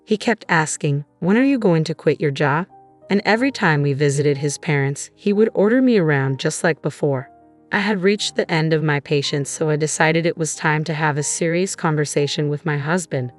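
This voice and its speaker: A woman narrating a first-person story in a steady, measured manner. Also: low-pitched, soft background music.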